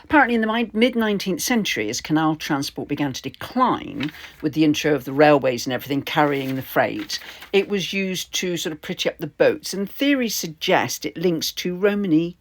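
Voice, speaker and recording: A woman's voice: low-pitched, lively intonation, a little fast. A woman vlogger telling a rambling story in a chatty way, laughing now and then. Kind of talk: casual storytelling chat.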